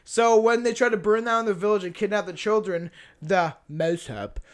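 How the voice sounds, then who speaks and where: A man's voice: sits high, normal speed. A young man co-hosting a podcast, rambling and swearing in casual chat, laughing often. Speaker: podcast co-host.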